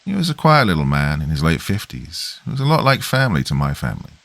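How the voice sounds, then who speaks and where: A man's voice: a bass voice, sing-song, quick pace, creaky, a bit bright, no echo. A man reading a horror story aloud as a scripted first-person narration.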